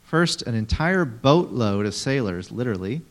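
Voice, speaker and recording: A man preaching a sermon to a live group, teaching in a lively way and acting out quotes with sudden loud, dramatic outbursts. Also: mid-range voice, moderate pace. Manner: animated, acts out quotes dramatically, talks to audience members. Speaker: pastor.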